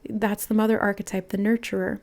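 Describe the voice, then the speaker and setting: A woman giving an intuitive tarot reading, musing aloud in a soft, channeling manner as she relays messages. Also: medium pitch, level tone, fairly quick, vocal fry. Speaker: tarot reader.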